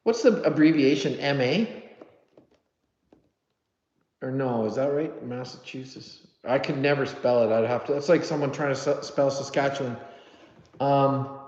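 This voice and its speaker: A man's voice: mid-range voice, measured pace, pauses often, a little mellow. A man hosting a casual live stream, chatting with viewers, reading their comments aloud and joking about his own memory. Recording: dull, roomy audio with long reverb.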